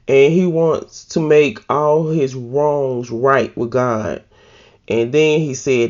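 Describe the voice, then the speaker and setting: A woman's voice: extremely low pitch, takes it slowly, darkish tone, dull audio. A woman casually recapping a TV episode in a loose, slangy way and laughing at herself. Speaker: TV recap host.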